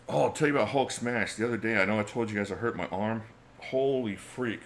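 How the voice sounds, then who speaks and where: Chill middle-aged guy, deep voice, chatting w his stream, laughs a lot. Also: a bit bright, slight background noise. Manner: laid-back, chatty, laughs often. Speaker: livestream host. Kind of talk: casual live chat reading comments.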